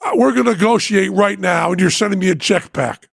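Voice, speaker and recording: A man's voice: sits high, brisk, gravelly, a bit bright, husky, no echo, studio quality, pitched above the performer's own voice, exaggerated voice. A man voicing an irate middle-aged man who insists on haggling over a shipping bill, indignant and profane.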